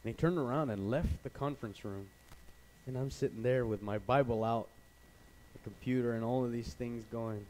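A young man preaching a sermon, telling a personal story and then speaking quietly and earnestly to the congregation. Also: medium pitch, moderate pace, rough recording. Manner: storytelling, voices his dad loudly, then quiet and earnest.

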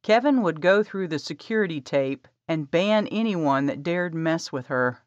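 A woman narrating an audiobook in a calm, measured way. Her voice sits low and her pace is slow. The recording is dry and slightly dull. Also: no room sound. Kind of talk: scripted narration.

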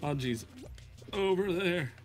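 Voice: medium pitch, expressive, slow, faint music behind. Laughing, playful gaming buddy with a bouncy voice. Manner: playful teasing, laughs often. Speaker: co-player on stream. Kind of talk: casual chat while gaming.

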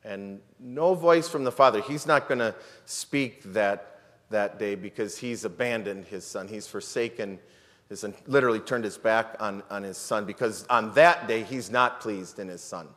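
A man's voice: fairly low pitch, moderate pace, a bit bright. A man preaching a sermon as pastor, retelling a story dramatically with many rhetorical questions and repeated words. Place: church sanctuary. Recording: long church reverb.

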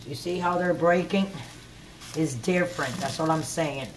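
Over the noise of a crowd, a middle-aged cooking show host speaks in a low voice at a moderate pace while demonstrating a dish casually in her home kitchen. She rambles chattily and keeps checking whether viewers follow: "you know what I'm saying?"

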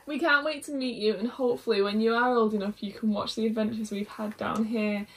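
A woman gently reading a letter aloud into a handheld camera at home. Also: a little high, fairly even intonation, brisk, distant mic. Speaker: vlogger's partner.

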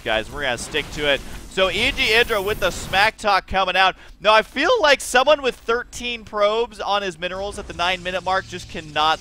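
A man's voice: sits high, pushed and bright, a little hiss or hum. A young man casting a strategy game match, joking and teasing the players while he explains their mistakes. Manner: joking, teasing, mock-scolding. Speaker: game caster. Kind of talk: esports play-by-play commentary.

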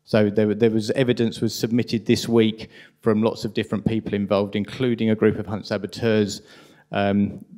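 A man with a strong London accent giving an impassioned, indignant conference talk at a rapid pace. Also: lowish voice, flat delivery, dark tone. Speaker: conference speaker.

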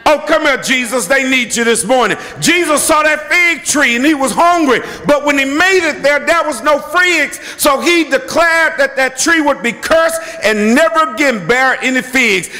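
A bishop delivers his sermon in a very high, sharp voice. He repeats his points and keeps breaking into shouts. His words ring with the long echo of a church hall. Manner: emphatic, repetitive, bursts into shouting. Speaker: bishop and pastor. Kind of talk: preaching a sermon. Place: church sanctuary.

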